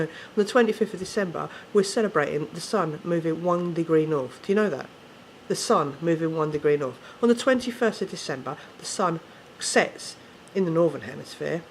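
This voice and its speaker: A man's voice: a little high, slight background noise. A man with an English accent, ranting casually to camera, swearing often and correcting himself as he rambles. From England. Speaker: vlogger.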